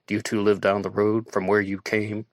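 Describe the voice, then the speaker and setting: A man reading the part of a tall police officer who gives firm instructions and sometimes confides in a hush, in an audiobook. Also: on the low side, monotone, moderate pace, dry recording, clean studio sound, lightly acted. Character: tall male police officer, stern but concerned.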